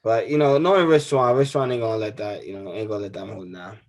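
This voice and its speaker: A young man co-hosting a casual wrestling chat, relaxed and rambling, with many fillers. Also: fairly low pitch, fast. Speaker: co-host.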